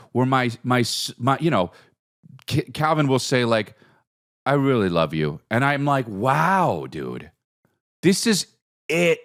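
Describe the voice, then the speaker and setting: A man in his forties rambles through a comedic solo podcast monologue, swearing freely and hopping from one tangent to the next. His pitch swings widely and expressively as he talks. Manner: rambling, profane, jumps between topics. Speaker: podcast host.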